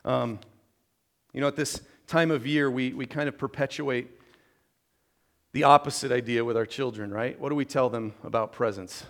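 A man's voice: medium pitch, steady tone, moderate pace, a bit bright. A man preaching a conversational sermon to a congregation, informal and joking, often restarting and repeating words.

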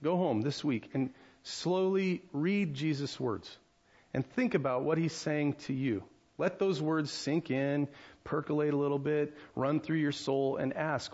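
A man's voice: a little high, a little slow, darkish tone, lo-fi sound. An American man preaching a sermon as pastor, conversational, with frequent restarts and rhetorical questions to the congregation. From United States.

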